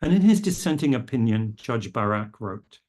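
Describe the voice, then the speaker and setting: A middle-aged man giving a formal lecture, measured and careful, quoting legal texts precisely. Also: mid-range voice, sing-song, a little mellow. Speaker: speaker at a public health lecture. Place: lecture room.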